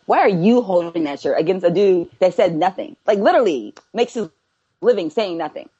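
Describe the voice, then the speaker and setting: A woman with a husky, slightly breathy voice, pitched a little low, talking sports in casual chat. She argues her point with emphatic rhetorical questions. The sound is dull and lo-fi. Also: lively intonation, fairly quick, dark tone. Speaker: podcast co-host.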